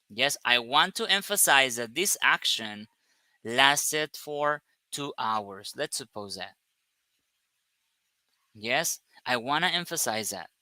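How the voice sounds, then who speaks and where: Slow, bright-voiced male English teacher. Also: medium pitch, dry recording. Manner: explains step by step, stresses words one at a time; checks understanding with short questions. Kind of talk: grammar lesson.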